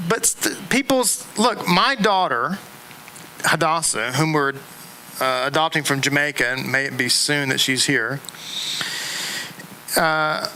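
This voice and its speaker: A middle-aged man lectures a class in a synagogue room, his voice high and bright. He talks in an animated way, doubling back on words and tossing asides and jokes to the listeners. A faint hum of the room sits behind him. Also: slow, pauses often, poor audio. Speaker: rabbi teaching a class.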